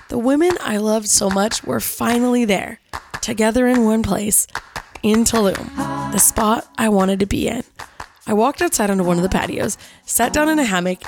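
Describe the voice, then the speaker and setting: A woman in her forties, a podcast host, telling a personal story in a playful, animated scripted narration. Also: a little high. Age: 40s.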